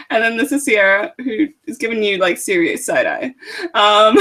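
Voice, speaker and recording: Brief: young woman, slightly high voice, giggly chatty book club co-host, from South Africa. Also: animated, slow, a bit bright. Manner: giggly, chatty, laughs often. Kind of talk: casual chat.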